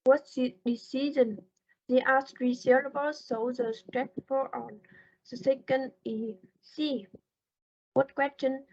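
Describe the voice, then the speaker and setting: Slow high-voiced woman reading a lesson. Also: steady tone, a little mellow. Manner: slow, careful reading with halting pauses. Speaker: student presenter. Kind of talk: reading a class presentation on word stress. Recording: dull lo-fi recording.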